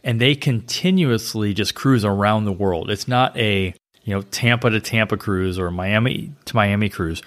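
A man co-hosting a travel podcast as a travel agent, chatting casually with lively storytelling. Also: fairly low pitch, normal speed, few pauses. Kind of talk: casual chat.

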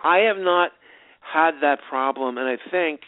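A man's voice: a little high, a little slow, dry recording. A man, a film director being interviewed, rambling through anecdotes with many restarts and fillers. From United States. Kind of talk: casual interview answers. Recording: dry, tinny phone-line sound.

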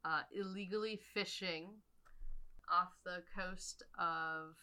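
A young woman with a fairly low but very bright, sharp voice, chatting loosely on a podcast. She rambles through a plot recap, full of ums and quick laughs. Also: fairly even intonation, clear, resonant tone. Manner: rambling, laughs often, many fillers. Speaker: podcast co-host. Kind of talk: casual movie review chat.

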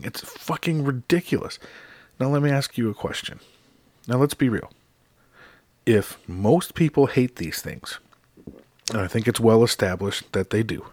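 A man's voice: on the low side, breathy edge, no echo. A middle-aged man from the United States delivering an exasperated, profane comedic rant in a casual, emphatic way.

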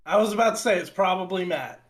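A man's voice: sits high, quick pace. A man on a casual gaming podcast, joking around with playful trash talk.

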